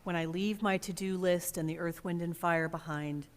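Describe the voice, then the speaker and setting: A woman pastor delivering a reflective sermon in a church, expressive and measured, with dramatic pauses. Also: fairly low pitch. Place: church sanctuary. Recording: long church reverb.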